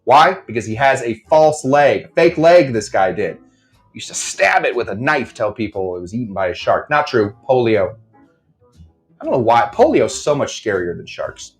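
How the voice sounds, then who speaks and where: A man's voice: medium pitch, expressive, a little slow, pauses often, soft background music. A man teaching a live online cocktail class. He tells bar history in a rambling, jokey way and slips into mock voices for quotes. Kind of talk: casual live-stream storytelling lesson.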